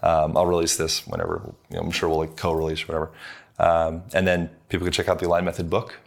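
A man's voice: low-pitched, flat delivery, quick pace, gravelly. A man speaking as a podcast guest, explaining things in a loose, rambling way with lots of fillers. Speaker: podcast guest, movement coach. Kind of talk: conversational interview.

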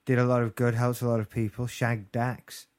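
A man's voice: mid-range voice, level tone, moderate pace, darkish tone. A British man chatting casually as a podcast co-host, with wry, jokey asides. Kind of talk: casual chat.

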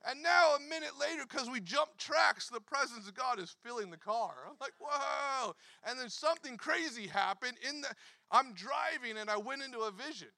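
A pastor in his thirties telling a story in a sermon, animated, acting out quotes and laughing often. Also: extremely high pitch, fairly quick, creaky, dry recording.

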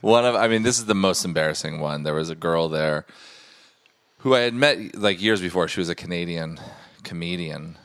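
A man on a comedy podcast, trading dry, deadpan wisecracks and telling stories. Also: low voice, normal speed, clear, resonant tone.

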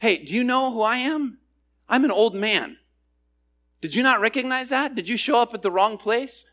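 A man's voice: very high voice, animated, normal speed, fairly bright tone, pitched above the performer's own voice. A man voicing an indignant old man who protests to an angel with incredulous rhetorical questions.

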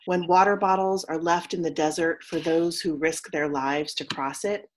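A woman minister delivering a story sermon in a soft, slow, solemn manner, leading a call and response. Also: low voice, a little hiss or hum.

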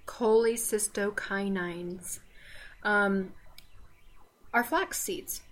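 A Southern American woman talking through a casual faith podcast in a middle-pitched voice. She wanders off on teasing tangents and keeps the chat light and folksy. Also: fairly bright tone. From Southern United States. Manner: chatty and digressive, with teasing asides and laughter. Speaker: podcast co-host.

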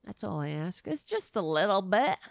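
A woman hosting a political talk show, tired and sleepy, sliding into sarcastic, animated rants. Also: mid-range voice, normal speed, gravelly, dry recording. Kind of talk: casual political commentary.

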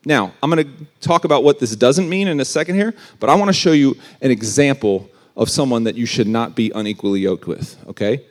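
A man giving a casual youth sermon, conversational and animated with everyday slang. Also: medium pitch, a little fast, hardly any pauses. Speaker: youth pastor.

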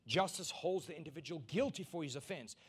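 A man preaching a sermon as pastor, emphatic and repeating key lines, building to loud peaks. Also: a little high, brisk, slightly rough.

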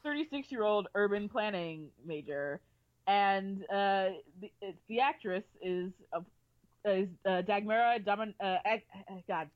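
A young woman co-hosting a podcast, chatting quickly about a TV show with fillers and joking asides. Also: mid-range voice, no echo, lo-fi sound. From child of African immigrants. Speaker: podcast co-host. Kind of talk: casual chat recapping a TV show.

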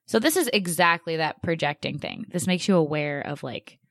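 A young woman co-hosts a casual podcast in a slightly low voice. She talks in a chatty, sarcastic way and scatters "like" through her sentences. The sound is dry and close. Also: animated, normal speed, dry recording. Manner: chatty, sarcastic, says "like" a lot. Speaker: podcast co-host.

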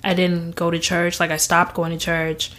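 A young woman as an interview guest, telling a personal story in an animated way and acting out what others said. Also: lowish voice, moderate pace. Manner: animated, acts out quoted voices, laughs often.

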